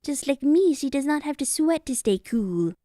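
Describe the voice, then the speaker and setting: A woman's voice: high-pitched, sing-song, moderate pace, mellow, no echo, clean studio sound, pitched above the performer's own voice. A woman voicing an earnest female camel in a children's storybook.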